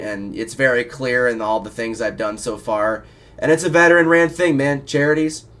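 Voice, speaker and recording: A man from Iowa hosting a casual interview show, rambling excitedly and swearing a lot. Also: medium pitch. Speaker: show host. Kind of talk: casual profane chat.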